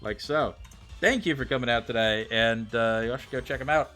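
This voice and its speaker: Bright, chatty male streamer. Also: mid-range voice, normal speed, soft background music. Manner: chatty, thinks aloud, reads out and answers chat. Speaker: live streamer. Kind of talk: casual chat with viewers while gaming.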